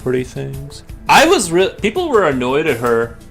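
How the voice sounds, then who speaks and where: A man's voice: a little high, wildly swooping pitch, normal speed, creaky, a bit bright. Rambling casual man with faint music. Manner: rambling, many fillers and restarts. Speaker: streamer. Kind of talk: casual chat while drawing.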